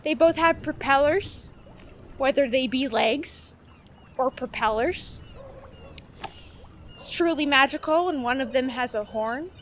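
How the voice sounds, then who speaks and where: Blustery sea captain, man, boastful and theatrical, pitched high. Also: a bit bright, a little hiss or hum. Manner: pompous, theatrical. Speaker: comedy sketch actor.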